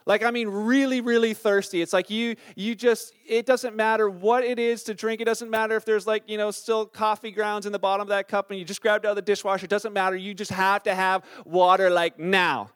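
High-voiced man preaching conversationally. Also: fairly quick, hardly any pauses, clear, resonant tone, no echo, clean studio sound. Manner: conversational, animated storytelling with many fillers. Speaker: pastor. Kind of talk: sermon. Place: church.

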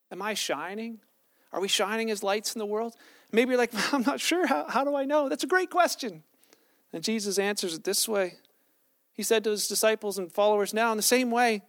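High-voiced man preaching conversationally. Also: a bit bright, no room sound, studio quality. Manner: conversational storytelling preaching, self-correcting. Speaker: pastor. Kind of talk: sermon.

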